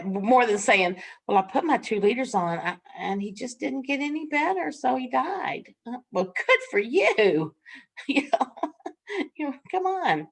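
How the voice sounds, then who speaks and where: An older woman with a medium-pitched, slightly breathy voice teaches a nursing class. She's frank and folksy, often laughing as she shares stories from the ward in a lecture full of anecdotes.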